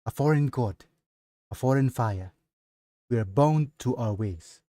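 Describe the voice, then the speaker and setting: A man voicing a cold, unyielding male council member in a storybook reading, declaiming in a slow, measured way. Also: mid-range voice, animated, dark tone, no echo, clean studio sound, natural voice. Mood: stern defiance.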